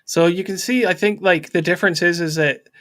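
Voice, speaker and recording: A man's voice: high-pitched, fairly even intonation, brisk, a bit bright. A man co-hosting a casual live stream about comics, adding short comments and agreeing with the host.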